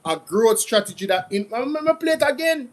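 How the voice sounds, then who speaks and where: A Jamaican man hosting a casual commentary show, talking in an animated, repetitive, mocking way. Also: very high-pitched, fairly quick, poor audio. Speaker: commentary channel host.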